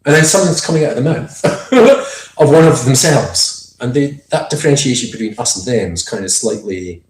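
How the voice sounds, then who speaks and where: A man talks in a loose, lively way, his pitch jumping around as he laughs and mimics voices. The sound is roomy, with a noticeable echo around him. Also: normal speed. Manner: animated, laughing, acts out voices, restarts often. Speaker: podcast co-host. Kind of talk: casual conversation.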